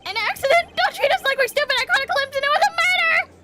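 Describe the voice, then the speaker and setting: A woman voicing a panicky, indignant airplane passenger in a shrill, fast, accusing manner. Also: sharp tone, soft background music. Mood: panicked.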